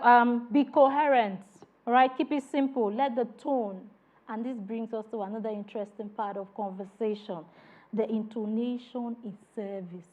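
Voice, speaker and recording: A woman training customer service staff in a classroom lecture, animated and repeating "all right" as she acts out exchanges with customers. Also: a little high. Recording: dull lo-fi classroom recording.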